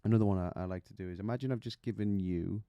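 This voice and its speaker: A man's voice: fairly low pitch, very fast, mellow, clear, resonant tone, no room sound. A man teaching singing technique, chatty and explaining with demonstrations and little stories. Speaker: vocal coach. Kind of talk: singing lesson to camera.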